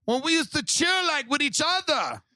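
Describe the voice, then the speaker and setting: Guy doing a gushy girl w a fake spanish accent, way high and sugary. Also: sing-song, normal speed, pushed and bright, dry recording, studio quality, full character voice. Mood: sentimental. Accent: put-on Spanish accent. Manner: sing-song, overly sentimental. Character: young woman faking a Spanish accent, gushing.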